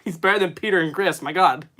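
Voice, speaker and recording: A man's voice: high-pitched, a little fast, bright, forceful tone. Rambling male streamer chatting casually. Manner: rambling, lots of fillers, reads chat aloud. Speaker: streamer host. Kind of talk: casual live-stream chat.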